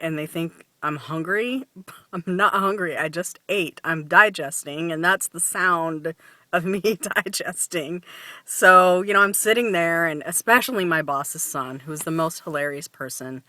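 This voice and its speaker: Chatty woman vlogging, bright sharp voice, dry close sound, laughs a lot and says um and like constantly. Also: lowish voice, no echo. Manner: chatty, laughs often, many fillers and restarts. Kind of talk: casual chat to camera.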